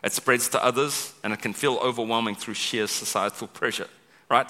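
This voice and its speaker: A man preaching a sermon as pastor, chatty and animated, often checking in with "right?" and acting out quoted lines. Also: medium pitch, brisk. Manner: conversational, keeps asking "right?"; acts out quoted speech with big vocal swings. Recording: long hall reverb.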